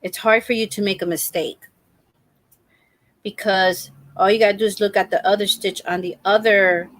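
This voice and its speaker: Middle-aged woman, live stream host, animated exclamatory storytelling, dry close sound. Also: mid-range voice, moderate pace, no echo. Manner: animated, exclamatory, acts out the scene.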